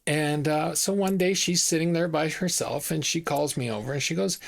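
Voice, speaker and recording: A man's voice: fairly high pitch, normal speed, creaky. A man in his fifties telling a story to camera in a chatty, casual way, often repeating himself and using fillers. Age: 50s. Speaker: vlog host.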